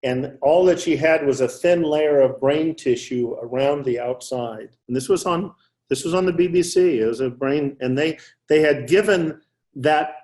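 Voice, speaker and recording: A man's voice: on the high side, moderate pace, a little mellow. An older man, a psychiatrist guest, telling clinical stories in a loose, anecdotal way, often restarting mid-sentence. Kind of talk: casual storytelling interview.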